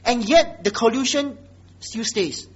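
Man, preaching, husky voice, dull lo-fi recording. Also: measured pace. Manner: emphatic, dropping to low quiet exhortation. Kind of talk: sermon. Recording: dull lo-fi sound.

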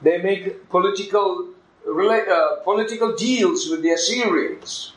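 Earnest preacher guy, slow sermon, kinda high voice, echoey room. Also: fairly bright tone. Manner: earnest, storytelling, emphatic.

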